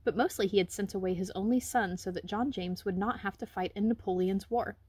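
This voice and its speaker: Woman reading a picture book to children, husky tone and dry sound, gentle and expressive. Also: medium pitch, brisk, dry recording. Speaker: reader. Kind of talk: children's book read-aloud.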